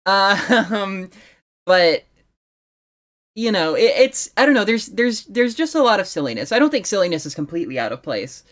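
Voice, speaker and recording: A woman's voice: mid-range voice, very animated, normal speed. A woman co-hosting a film podcast, speaking casually with hesitant, hedging phrasing that trails off.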